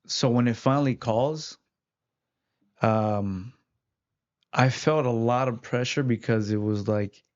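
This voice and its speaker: A man's voice: mid-range voice, takes it slowly, long pauses, highs cut off. A man, an interview guest who fights, telling his story in casual chat with many fillers. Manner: rambling, lots of "like" fillers.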